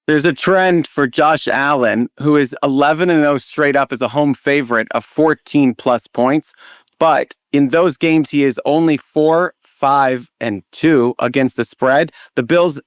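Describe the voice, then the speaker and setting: A man's voice: a little high, unhurried, clear, resonant tone, no room sound, studio quality. A man co-hosting a betting podcast, reading trends and point spreads matter-of-factly. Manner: matter-of-fact stat reading. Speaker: podcast co-host.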